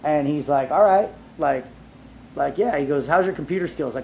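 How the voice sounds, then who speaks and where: A man being interviewed, telling his life story in a casual, animated way, with lots of "like" fillers and casual swearing. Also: on the high side, moderate pace, slight background noise. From Southern California. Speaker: entrepreneur guest.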